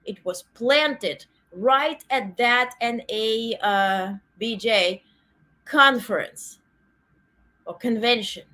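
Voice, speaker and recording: A woman hosts a political livestream in a casual, indignant rant. Her voice sits a little high and comes out bright and cutting. She keeps breaking off to answer live viewers. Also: very slow. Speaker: host of a political news livestream.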